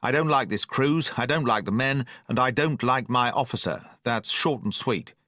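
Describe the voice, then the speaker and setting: A man's voice: medium pitch, moderate pace, bright, forceful tone, no room sound, clean studio sound, lightly acted. A man reading the lines of a blunt, stern, distrustful sea captain who speaks plainly and in clipped phrases, in an audiobook.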